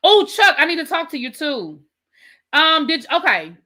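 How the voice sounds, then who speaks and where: Woman host, chatty and emphatic, bright and a touch high, casual live chat with viewers. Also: very animated, normal speed. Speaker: livestream host reviewing reality TV.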